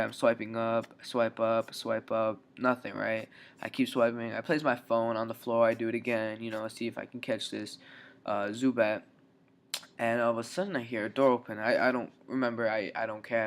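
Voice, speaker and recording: A young man vlogger telling a story in a casual, rambling way, full of fillers. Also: medium pitch.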